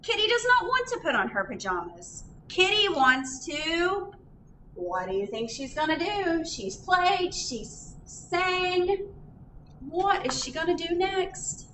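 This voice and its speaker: A woman's voice: very high voice, sing-song, slow pace, pushed and bright, slight background noise. A woman reading a picture book aloud at a library storytime, sing-song and full of questions for the children. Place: library room. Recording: roomy echo.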